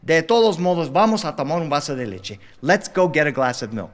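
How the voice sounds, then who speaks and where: A man voicing a frustrated but loving father with a Cuban Spanish accent, quick and blustery. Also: on the high side, animated, big-room sound, natural voice. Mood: exasperated fatherly.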